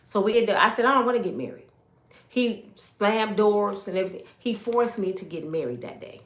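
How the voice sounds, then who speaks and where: A woman's voice: medium pitch, moderate pace, echoey room. A woman from Michigan giving an emotional personal testimony, telling her story with animation and speaking straight to her viewers.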